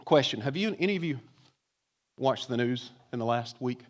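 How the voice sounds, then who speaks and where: A man's voice: mid-range voice, lively intonation, moderate pace. A man preaching a sermon to a congregation, talking conversationally and asking many rhetorical questions. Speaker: pastor. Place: church with congregation.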